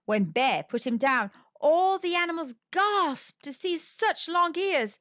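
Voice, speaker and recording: Woman storytime host, high, animated sing-song read-aloud, dry close mic. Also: slow pace, dry recording, lo-fi sound.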